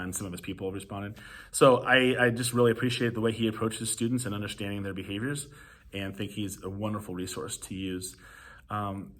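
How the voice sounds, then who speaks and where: Man, podcast host, easygoing advice chat, lots of ums, fairly low voice. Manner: relaxed, filler-heavy, conversational. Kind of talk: casual advice talk.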